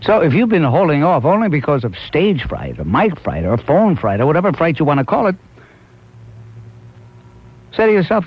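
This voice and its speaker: A man's voice: fairly high pitch, wildly swooping pitch, normal speed, long pauses, husky. A man hosting a call-in talk radio show, urging listeners on and answering callers. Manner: emphatic, exhorting listeners. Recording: muffled lo-fi 1990s AM radio recording.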